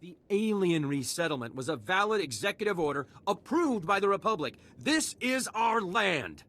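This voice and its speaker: A man's voice: high-pitched, very animated, moderate pace, a bit bright, heavily acted. An actor playing a stubborn male settler in a video game who speaks firmly and defensively about his land claim. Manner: firm, defensive.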